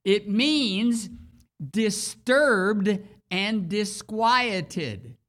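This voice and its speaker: Preacher delivering a sermon with scripture reading: extremely slow and deliberate, pitch in the middle of the range, key phrases repeated for emphasis. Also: a bit bright.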